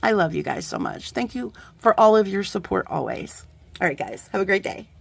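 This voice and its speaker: A middle-aged woman talks her viewers through a craft-supply unboxing in a casual, effusive way. She laughs easily, thinks out loud, and restarts her sentences as she goes. Her pitch sits in an ordinary middle range for a woman. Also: big pitch swings, moderate pace, vocal fry, slightly rough, dry recording. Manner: chatty and effusive, laughs often, trails off mid-sentence. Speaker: crafting vlogger.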